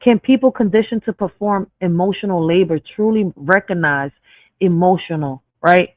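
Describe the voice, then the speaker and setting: A woman with an accent and a fairly low voice hosts her channel at a moderate pace, chatting casually with viewers. She swears freely and stumbles over words, correcting herself. The recording is dry and tinny, like a phone.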